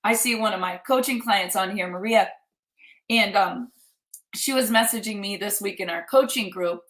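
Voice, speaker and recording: A middle-aged woman speaks as a life coach in an earnest, emphatic motivational talk, pressing her points home through repetition. Her voice sits at a middle pitch. It echoes around a roomy space. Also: moderate pace, a bit bright. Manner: earnest, emphatic, repeats for effect.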